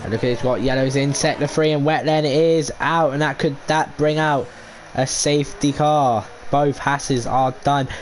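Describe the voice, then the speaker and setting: A man with a head cold and a blocked nose calls a live online race, his voice sitting at an ordinary middle pitch. He jumps up in excitement when cars go side by side and slips into dry sarcasm in between. A clear hum of air conditioning runs underneath. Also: moderate pace. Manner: excitable, rising sharply in tense moments, dry sarcasm. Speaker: esports race commentator. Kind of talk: live sim racing commentary. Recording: home setup with clear background noise.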